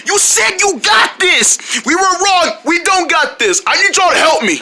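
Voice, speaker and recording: A man voicing a small excitable tailed cartoon creature that talks in frantic shouts. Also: very high voice, moderate pace, noisy background, pitched above the performer's own voice, exaggerated voice. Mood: eager.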